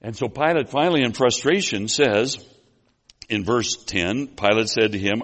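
A man preaching an expository sermon, telling the story with animation, swinging between loud emphasis and quiet asides, calling the congregation folks and restarting his phrases. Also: mid-range voice, normal speed. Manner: addresses the congregation as folks, with restarts and apologies for running long.

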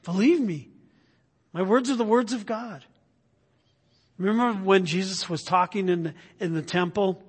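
Husky-voiced male pastor in reverberant hall. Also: high-pitched, a bit bright. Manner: keeps checking in with the congregation with "right?". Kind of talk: expository sermon.

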